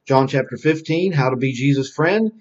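A man teaching a Bible lesson to children, quizzing them and repeating key phrases in call-and-response. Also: medium pitch. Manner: quizzing, answering his own questions slowly; repetitive call-and-response drilling. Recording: dull lo-fi recording.

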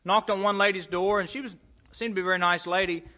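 A man's voice: sits high, steady tone, quick pace, pushed and bright, lo-fi sound. A man preaching a sermon to a congregation, reading scripture aloud and telling stories from his own ministry. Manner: storytelling, reads scripture aloud.

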